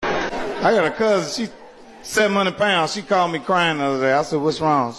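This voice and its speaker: Laughing comedian over a roaring crowd. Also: male voice, a little high, moderate pace, echoey room, noisy background. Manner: laid-back, laughing through his story. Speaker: stand-up comedian. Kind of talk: stand-up routine. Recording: live show with loud crowd.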